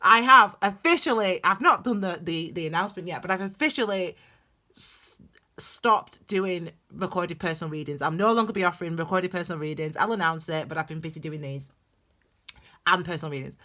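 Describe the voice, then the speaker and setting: A woman giving a tarot reading for her channel, talking in a chatty, digressive and animated way. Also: lowish voice, fairly quick. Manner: calls viewers "my darlings". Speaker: tarot reader. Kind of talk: casual tarot reading vlog.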